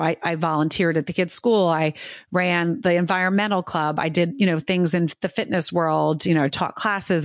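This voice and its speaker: Woman, middle-aged, host, chatty storyteller, lowish voice, dry close sound. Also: no echo. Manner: chatty, rambling storyteller acting out quoted dialogue. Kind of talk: casual interview chat.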